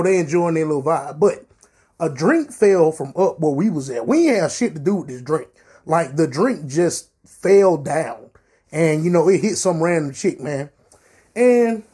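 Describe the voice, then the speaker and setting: A young man telling a profane, animated story on his podcast. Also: fairly high pitch, husky. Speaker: podcast host. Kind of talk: casual storytelling.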